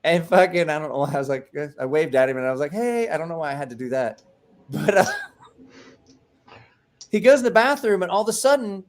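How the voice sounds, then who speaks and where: A man hosting a casual after-show chat, telling rambling stories with bursts of laughter and loud acted-out quotes. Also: on the high side, animated, brisk, long pauses. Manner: rambling, laughing storyteller who acts out quotes loudly. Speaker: podcast host.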